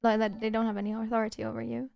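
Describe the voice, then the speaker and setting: A woman's voice: fairly high pitch, monotone, very fast, vocal fry, a little mellow, no room sound. A woman hosting a livestream in casual chat, laughing often between remarks. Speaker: streamer host.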